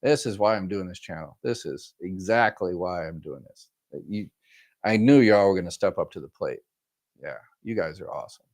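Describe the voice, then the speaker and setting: A man's voice: low voice, lively intonation, normal speed. A man hosting a live stream, reading viewer comments aloud and answering them informally with many fillers and a friendly "y'all". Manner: friendly, says "y'all" often. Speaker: host answering viewer questions. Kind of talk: live-stream Q&A, casual chat.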